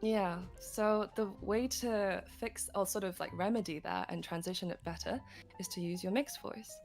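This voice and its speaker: A woman's voice: medium pitch, steady tone, normal speed, darkish tone, faint music behind. A woman teaching singing technique on a livestream, explaining step by step with frequent light laughs. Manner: patient, giggly, explains step by step.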